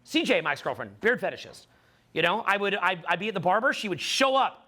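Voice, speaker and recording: Middle-aged man addressing a live audience, emphatic and repetitive, with a high, bright voice. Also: big pitch swings, fast. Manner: emphatic, repeats phrases, many fillers. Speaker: dating coach speaking to a live audience. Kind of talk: animated seminar talk.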